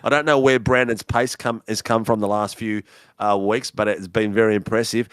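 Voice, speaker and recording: Man, race broadcast host, casual post-race interview, chatty and matey, smooth voice, dry close mic. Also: on the low side, steady tone, a bit bright, no room sound. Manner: chatty, matey, drawn-out phrasing.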